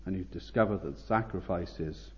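A man preaching an expository sermon, measured and explanatory, lifting his voice on the calls he quotes. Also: low-pitched, slightly rough, lo-fi sound.

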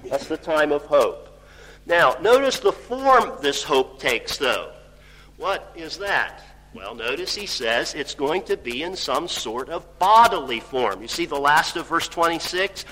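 A man preaching a sermon on scripture, explaining a text verse by verse and rising to loud, emphatic exclamations on key points. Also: a little high, big pitch swings, unhurried. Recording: reverberant hall with faint hum.

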